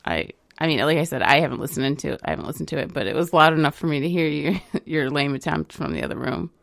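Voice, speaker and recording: A woman co-hosting a casual podcast about recovery, speaking in a measured way and gently scolding her partner, with many fillers. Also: low-pitched, creaky, no echo. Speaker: podcast co-host.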